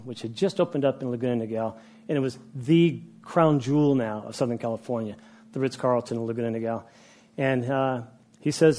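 A man in his sixties tells a personal story to a room of listeners in a mid-range voice. He talks in an animated, conversational way and often restarts his sentences. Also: mid-range voice, fast. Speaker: speaker addressing a group.

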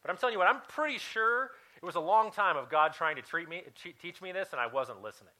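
A man's voice: high voice, lively intonation, quick pace, bright, forceful tone, low-quality recording. A man in his thirties preaching a sermon as a personal story, talking in a conversational way with many fillers and restarts. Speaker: pastor.

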